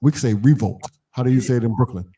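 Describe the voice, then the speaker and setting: A man's voice: mid-range voice, rapid-fire, mellow, slightly rough. A man hosting a podcast in casual chat, rambling with many fillers and repeated starts. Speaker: podcast host.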